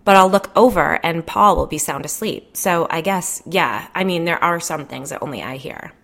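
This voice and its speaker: A woman's voice: deep voice, moderate pace, vocal fry, fairly bright tone, full character voice. A woman voicing a stressed, gossipy suburban mother who swears and complains in an agitated way, peppering her speech with "like.". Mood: complaining.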